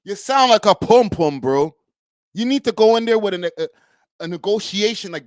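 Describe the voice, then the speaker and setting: A man's voice: sits high, expressive, moderate pace, dry recording, clean studio sound. A young man from Canada, a streamer host giving a blunt, profane, slangy live-stream reaction.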